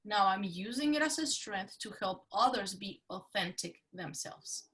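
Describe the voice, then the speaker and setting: A middle-aged woman with a Spanish accent, speaking as a podcast guest in an animated, emphatic way that repeats phrases for effect. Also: medium pitch, a little slow. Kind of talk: casual interview talk.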